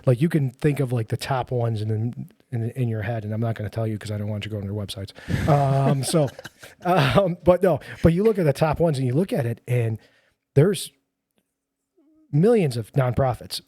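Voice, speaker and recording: A man's voice: mid-range voice, expressive, moderate pace, dark tone, no room sound. A middle-aged man, a firefighter who founded a nonprofit, chatting casually on a podcast in a rambling, self-deprecating way with lots of fillers.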